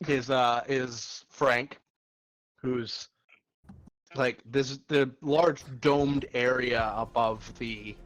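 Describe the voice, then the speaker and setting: A man narrating a tabletop game as game master, easygoing with quick asides. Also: mid-range voice, fairly even intonation, a bit bright, a little hiss or hum, rough recording.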